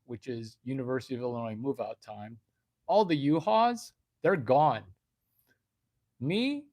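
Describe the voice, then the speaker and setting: A man's voice: mid-range voice, darkish tone, dry recording, clean studio sound. A man hosting a comedic livestream, ranting in a brash, profane way and reading chat messages aloud. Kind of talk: unscripted comedic rant.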